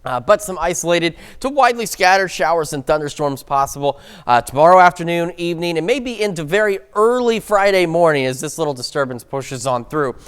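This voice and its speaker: A man's voice: a little high, lively intonation, a little fast, hardly any pauses, clear, resonant tone. Upbeat, chatty male TV weather anchor. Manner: chatty and upbeat, with stumbles and laughs. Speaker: morning news anchor and weather presenter. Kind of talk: local TV newscast, forecast and banter.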